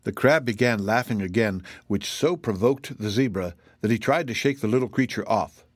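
Male narrator reading a story, even and clear, dry booth feel. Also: on the low side, moderate pace, no echo. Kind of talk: audiobook reading.

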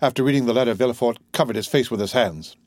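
A man narrating an audiobook with a steady, even reading. His voice sits in a middle range for a man. The sound is close and dry, with no room around it. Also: medium pitch, fast talker, dry recording. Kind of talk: scripted narration.

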